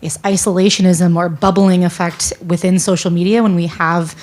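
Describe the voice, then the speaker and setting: A woman in the audience asking a measured, thoughtful question at a public forum. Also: lowish voice, fairly even intonation, darkish tone.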